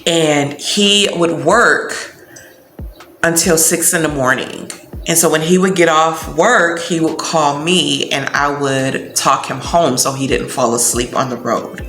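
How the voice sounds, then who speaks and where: A woman vlogger telling a personal story in a casual, animated, slangy way and acting out the quotes. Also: sits low, measured pace. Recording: roomy with background music.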